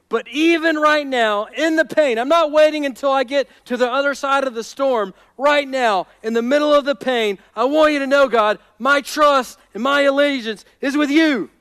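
A man with a strikingly high voice preaches a sermon, stacking up repeated phrases as his intensity climbs. The sound is dry and close. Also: normal speed, hardly any pauses, a bit bright, no room sound. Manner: preaching with rising intensity and repetition. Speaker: pastor.

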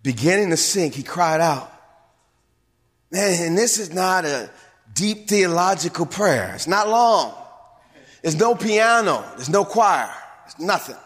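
A man preaching a sermon as bishop and pastor, swinging from hushed whispers to emphatic shouts. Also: high voice, expressive, measured pace, long reverb tail. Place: church sanctuary.

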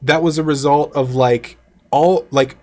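A man's voice: on the high side, fairly even intonation, measured pace, dark tone. A man who makes games and videos, a guest on a podcast, telling a loose, rambling story packed with fillers. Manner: rambling, full of "like", casual and loose. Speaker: guest, game developer and YouTuber. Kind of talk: casual interview chat.

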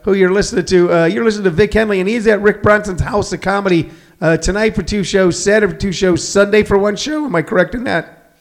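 A man's voice: high voice, fast talker, gravelly. A man hosting a call-in radio show, a former touring comedian, chatty, laughing easily, and using many fillers. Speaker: radio host, former stand-up. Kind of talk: casual radio interview.

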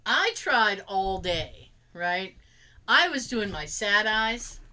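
A woman's voice: mid-range voice, slow pace, over a noisy crowd. A woman chatting casually and telling work stories, acting out what her coworkers said. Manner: animated, acts out coworkers' lines. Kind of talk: casual chat, storytelling.

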